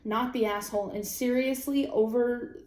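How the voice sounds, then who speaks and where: A young woman vlogger chatting casually, reacting to online posts in an animated, profane way with sudden high-pitched outbursts. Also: moderate pace, echoey room. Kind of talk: casual chat.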